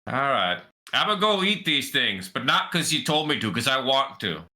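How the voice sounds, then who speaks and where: A man's voice: mid-range voice, sing-song, normal speed, bright, forceful tone. A man doing a surly, suspicious rat. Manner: gruff, wary, drawling.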